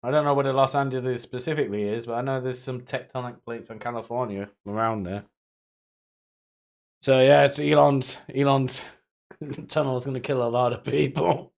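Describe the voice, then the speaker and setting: A man's voice: mid-range voice, steady tone, normal speed, creaky. A man streaming live, chatting casually with viewers in a rambling, profane way, often laughing to himself.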